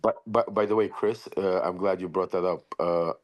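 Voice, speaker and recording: A very deep-voiced middle-aged man talks loosely as a guest in a live audio chat. He rambles, starts sentences over and laughs lightly between points. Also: steady tone, moderate pace. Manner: rambling, restarts sentences, chuckles. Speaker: interview guest.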